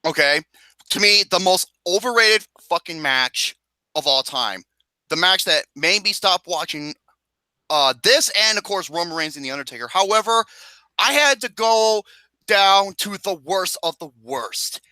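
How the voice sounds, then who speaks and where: High-pitched man, bright tense voice, dry close mic, ranting and swearing. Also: measured pace, no room sound. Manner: profane, ranting, animated. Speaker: podcast host. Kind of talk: casual ranking chat.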